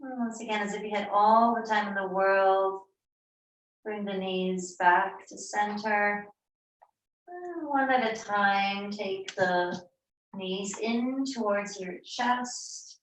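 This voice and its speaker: A woman yoga teacher giving slow, soothing, unhurried cues in a live class. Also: mid-range voice, a little hiss or hum. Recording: echoey room, mic far off.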